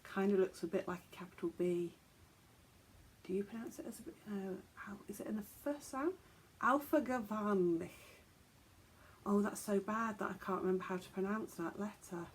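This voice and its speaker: A woman's voice: mid-range voice, fairly quick, a little mellow, a little hiss or hum. A woman hosting a podcast, chatting casually and joking at her own expense as she stumbles over foreign words. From England. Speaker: podcast host.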